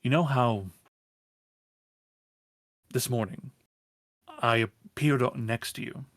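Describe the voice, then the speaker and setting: A man's voice: medium pitch, steady tone, slow, fairly bright tone, dry recording. Tentative male player, dry mic. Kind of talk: casual tabletop play.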